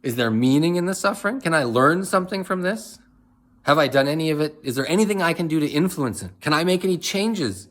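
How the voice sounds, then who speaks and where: A man speaking in a reflective, rambling monologue, asking many questions and laughing softly now and then. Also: a little high, lively intonation, brisk. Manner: rambling, questioning, with frequent restarts and soft laughs. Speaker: motivational speaker.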